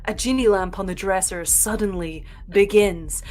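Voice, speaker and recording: A woman's voice: medium pitch, moderate pace, background noise. A woman co-hosting a paranormal podcast, reading a silly story aloud and giggling now and then. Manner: reads narration with frequent giggles. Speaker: podcast co-host.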